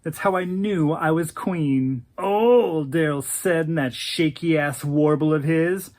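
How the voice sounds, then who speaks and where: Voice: mid-range voice, a little slow, a little mellow. A narrator telling a first-person story in a campy, sassy, diva-like manner, calling people honey and darling. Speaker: narrator speaking as the oral-history subject.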